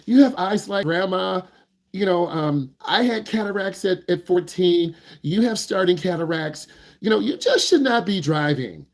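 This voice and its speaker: A man's voice: sits high, animated, normal speed. A man acting out a worried, nagging mother scolding her teenager. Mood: fretful. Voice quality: fussy, scolding.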